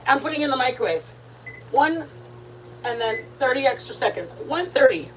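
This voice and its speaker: Woman, home cooking livestream host, rambling chatty delivery, slightly high voice, faint background noise. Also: animated, normal speed. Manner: chatty, rambling, addresses viewers as "you guys". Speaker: host of a live cooking stream. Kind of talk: casual live-stream chat while cooking. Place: home kitchen.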